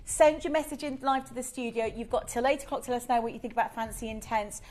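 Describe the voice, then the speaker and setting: Hosting a live TV shopping show from the studio, a woman sells to viewers in an effusive, chatty, enthusiastic way. Her voice is a little high and darkish in tone, holding steady as she talks quickly.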